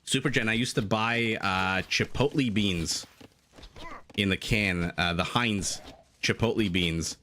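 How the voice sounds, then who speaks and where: Male live game caster, low voice, chatty and digressive, quick with jokes. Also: bright, forceful tone, slight background noise. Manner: chatty, jokey, digressive, reads out chat messages. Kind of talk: live game commentary with chat.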